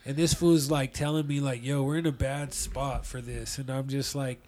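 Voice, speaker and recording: A man's voice: medium pitch, flat delivery, moderate pace, darkish tone, a little hiss or hum. A young man from Colorado telling a profane, slang-heavy story in casual chat, acting out the quotes. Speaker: guest storyteller.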